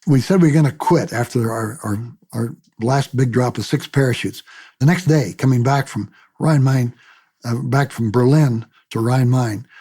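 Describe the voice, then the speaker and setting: Older man, gravelly, dark-toned, husky, lively storytelling, acts out quoted voices, repeats words on restarts. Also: mid-range voice, normal speed. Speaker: retired military pilot. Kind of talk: oral history storytelling.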